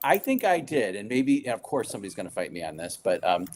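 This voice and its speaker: Animated man telling stories on a call. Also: lowish voice, fast talker, slight background noise. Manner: animated storyteller, many fillers, laughs often. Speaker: guest, food writer and baker. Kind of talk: casual chat.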